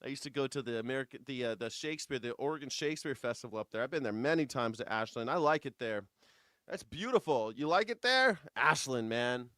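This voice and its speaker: Man, host, live news commentary, sarcastic, rambling, smooth clear voice, dry sound. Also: mid-range voice, animated, a little fast, bright, forceful tone, no room sound.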